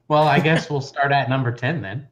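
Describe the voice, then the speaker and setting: A man guesting on a casual gaming podcast, relaxed and brief in his replies. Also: medium pitch, unhurried. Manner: relaxed, brief, laughs easily. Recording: dull lo-fi line with faint noise.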